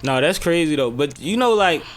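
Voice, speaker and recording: A man's voice: on the high side, expressive, moderate pace. A man in casual podcast chat, telling rambling stories in a laid-back way.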